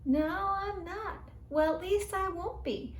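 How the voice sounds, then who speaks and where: A woman voicing a shy, homeless young field mouse who speaks quietly and hesitantly in a storybook reading. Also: extremely high pitch, slow pace, slight background noise, pitched above the performer's own voice. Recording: roomy echo.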